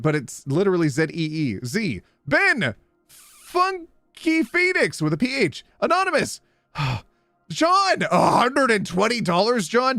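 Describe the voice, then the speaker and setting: A man with a very high, bright, forceful voice hosts a charity livestream, rapidly rattling off donor names. He stumbles over spellings and tosses in chatty asides. The sound is clean studio quality with no echo.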